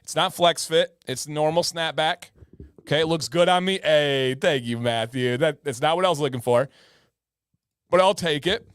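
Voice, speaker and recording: A man's voice: fairly high pitch, normal speed, clear, resonant tone, no echo, clean studio sound. A man hosting a casual livestream, chatty and joking, greeting viewers by name, with a slightly sore throat. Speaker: livestream host.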